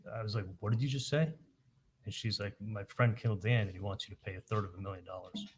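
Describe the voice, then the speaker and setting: A man on the witness stand, recounting events haltingly and quoting the dialogue in detail. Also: on the low side, level tone, a little hiss or hum. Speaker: witness testifying at a trial. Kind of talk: courtroom testimony.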